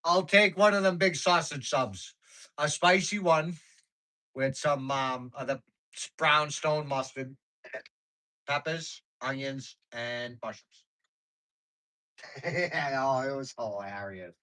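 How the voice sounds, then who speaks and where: A man's voice: mid-range voice, slow pace, pauses often, sharp tone, rough recording. A man hosting a livestream, casually chatting with viewers and telling rambling stories with slangy speech and frequent laughs. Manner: rambling, storytelling, laughs often. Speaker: livestream host.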